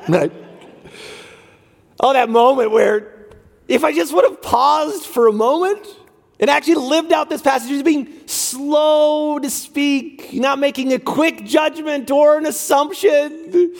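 A pastor preaching a sermon, lively and talking straight to his congregation during a church service. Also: very high-pitched, slow, creaky. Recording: long reverb of a large hall.

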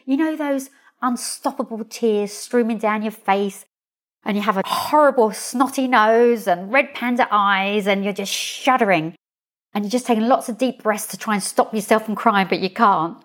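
Expressive woman hosting a podcast. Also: mid-range voice, moderate pace. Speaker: podcast host, coach and hypnotherapist. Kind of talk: solo podcast monologue.

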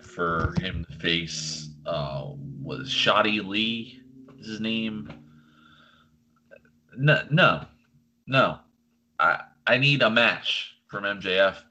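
A man's voice: sits low, sharp tone, a little hiss or hum, rough recording. A man co-hosting a wrestling chat show, ranting casually with lots of filler words. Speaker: podcast co-host.

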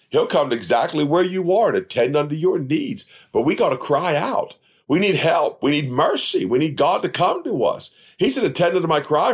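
A man's voice: mid-range voice, breathy edge. A man teaching a Bible study on his podcast, preaching earnestly and quoting scripture in old-fashioned wording. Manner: earnest preaching with rising emphatic peaks.

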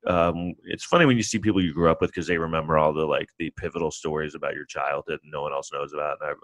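A man's voice: steady tone, quick pace, a bit bright, no room sound. A man from New York City in his forties with a New York accent, rambling through a casual solo podcast monologue with self-deprecating humor. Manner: rambling, self-deprecating, acts out others in mocking high voices. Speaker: podcast host.

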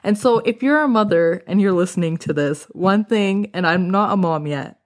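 A woman's voice: mid-range voice, normal speed. A young woman podcast host in casual reflective talk, speaking candidly and filling her sentences with "like" as she tells stories. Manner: candid, animated storytelling with frequent "like" fillers.

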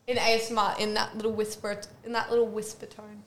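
A woman's voice: mid-range voice, level tone, quick pace. A young woman leading a group of children in a playful activity, coaxing and encouraging them as their teacher. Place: indoor room with a group of children. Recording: echoey room with noticeable background noise.

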